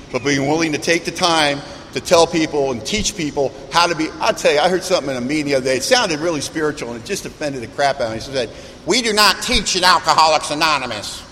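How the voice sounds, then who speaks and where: A high-voiced man tells humorous yet earnest stories to a recovery meeting. His voice carries a long hall reverb, with faint background noise underneath. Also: fast talker, a bit bright. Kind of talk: storytelling talk to a meeting.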